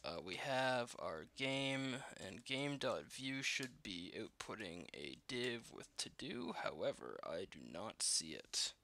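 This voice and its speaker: Talking through his code as he builds a game, a man thinks aloud, full of fillers and self-deprecating remarks in a casual coding walkthrough. He has a mid-range, sing-song voice that's bright and forceful, taking it slowly with few pauses.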